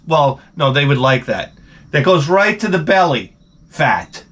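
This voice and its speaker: A man's voice: a little high, big pitch swings, a little slow, fairly bright tone. A man telling a rambling, profane, comically exasperated story in a casual vlog. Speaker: vlogger.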